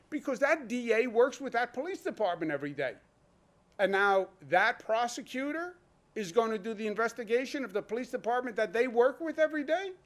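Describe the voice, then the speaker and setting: A man giving an emphatic, rhetorical speech at a press briefing as a state governor. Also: extremely high pitch. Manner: emphatic, rhetorical, quotes imagined voices.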